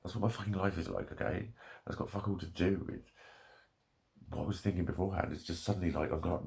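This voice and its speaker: A man's voice: deep voice, steady tone, quick pace, creaky, darkish tone. A man delivering an angry, swear-filled vlog rant straight to the camera. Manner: heavy swearing, angry ranting. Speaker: vlogger. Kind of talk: ranting monologue.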